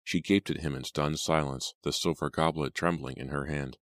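Very deep-voiced male narrator. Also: fairly even intonation, normal speed, no echo. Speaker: audiobook narrator. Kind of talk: scripted narration. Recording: dry close studio sound.

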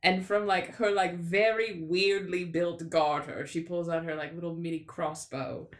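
A woman playing a tabletop role-playing game, voicing her character with animated, expressive delivery. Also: on the low side, measured pace. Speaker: player.

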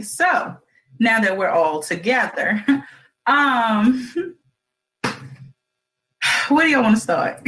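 A woman with a lowish, slightly bright voice hosts an online radio show, chatting casually with listeners, cracking corny jokes and saying "y'all" a lot. It's a laid-back livestream talk show on a low-quality recording.

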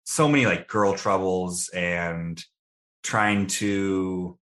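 A man's voice: low voice, fairly even intonation, drawn-out words, a bit bright. A young adult man answering interview questions in a casual, thoughtful, self-deprecating way. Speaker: guest.

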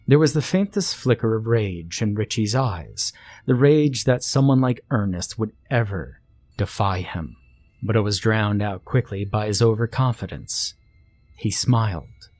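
A man narrating a scripted horror story with a slow, measured, ominous delivery. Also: lowish voice, expressive, a little mellow, no room sound. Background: faint music.

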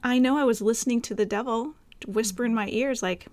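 Earnest woman interviewer, higher voice, slow deliberate questions. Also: darkish tone. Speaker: podcast host.

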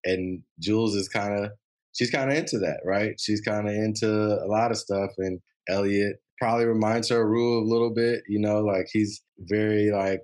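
A man's voice: fairly low pitch, steady tone, moderate pace, a little mellow. A man co-hosting a podcast, chatting casually and rambling with many fillers about a TV show. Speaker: podcast co-host.

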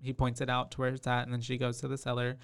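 A woman's voice: very deep voice, monotone, quick pace. A woman co-hosting a horror movie podcast, recapping scenes in casual chat and agreeing often with upbeat slang. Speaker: podcast co-host.

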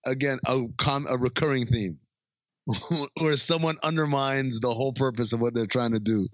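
A man's voice: mid-range voice, fairly even intonation, normal speed, no room sound, dull audio. Man recapping a movie on a podcast. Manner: retells scenes with quoted lines, frequent restarts. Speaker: podcast co-host. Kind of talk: casual movie recap chat.

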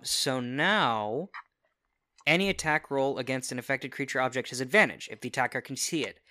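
A man taking his turn in a tabletop game and talking through spell rules casually. His voice sits at a middling pitch with a bright, forceful edge. He talks in quick, practical asides to the game master. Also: no room sound. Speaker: player.

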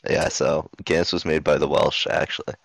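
A young man with a very low, gravelly voice trades dry jokes in casual podcast banter. The recording is dry and close-miked. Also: little pitch movement, normal speed, dry recording. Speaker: podcast co-host. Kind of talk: casual chat.

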